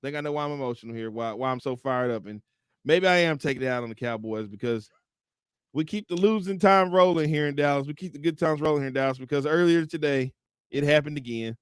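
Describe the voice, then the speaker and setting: A man co-hosting a casual sports talk show, his voice a touch higher than most. He teases his partner and laughs as he talks, and the recording is dry and close. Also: fast talker, clean tone, no room sound. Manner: animated, teasing, laughing often.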